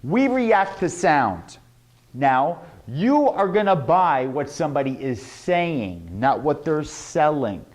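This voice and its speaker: A young adult man teaching a sales lesson, animated and demonstrating tones with his own voice. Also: on the high side, takes it slowly. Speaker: sales trainer.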